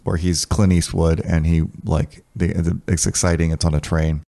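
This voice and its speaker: A man talks casually as a podcast guest, trading wry, dry jokes. His voice sits very low. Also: little pitch movement, moderate pace, creaky, warm tone. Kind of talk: casual chat.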